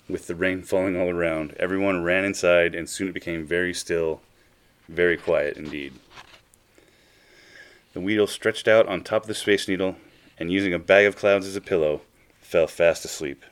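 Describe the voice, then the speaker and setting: A man reading a children's storybook aloud, unhurried and expressive, stretching out his phrases. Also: deep voice.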